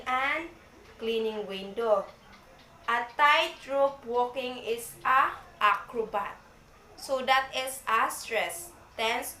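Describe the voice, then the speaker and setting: A woman with a Filipino accent giving a classroom report, slow and halting, often repeating words. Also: a little high, fairly bright tone. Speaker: student presenter. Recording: echoey room, faint background noise.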